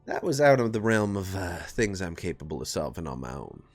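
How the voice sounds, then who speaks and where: A man's voice: low-pitched, sing-song, a little fast, a little mellow, dry recording, soft background music, heavily acted. A man voicing a shrewd, guarded male character with a put-on American Southern accent in a tabletop game. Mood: wry. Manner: drawling, calls people sugar.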